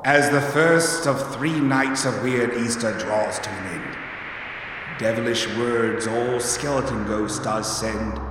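A man's voice: mid-range voice, slow, natural voice. A man reading a spooky verse in the role of a skeleton ghost, in a dramatic manner. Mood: ominous. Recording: echoey hall, far from the mic, with noise.

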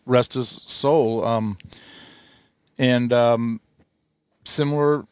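A man's voice: medium pitch, steady tone, extremely slow, clean tone, no echo, studio quality. A man co-hosting a casual chat, speaking briefly and conversationally.

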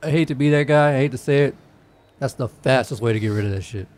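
A man's voice: mid-range voice, fast talker. Profane, laughing podcast host man. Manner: profane, laughs often, loud bursts when joking. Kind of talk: casual podcast banter.

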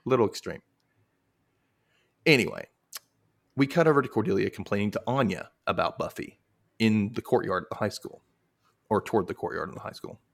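Animated man retelling an episode. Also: on the low side, brisk, gravelly, pauses often. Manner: animated, acts out quotes in playful voices. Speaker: podcast host. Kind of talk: casual recap chat.

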